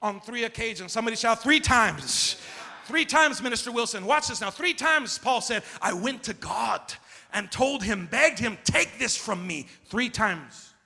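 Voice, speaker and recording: A man preaching a sermon as pastor, leading the congregation in call-and-response and swinging between shouting and quiet talk. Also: very high-pitched, lively intonation, unhurried, gravelly. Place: church sanctuary. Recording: long reverb of a big hall.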